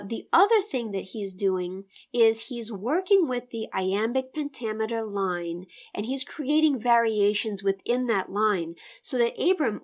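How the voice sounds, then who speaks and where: A woman teaching a poetry lesson in an enthusiastic, engaged way, reading lines aloud with emphatic pauses. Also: medium pitch. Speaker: literature teacher. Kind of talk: literary discussion lesson.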